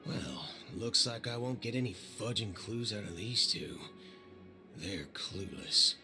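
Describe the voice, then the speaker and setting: Wisecracking impatient traveler, slow drawl, music under , voiced by a man. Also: lowish voice, close to an everyday voice. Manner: sarcastic, mild fake swearing.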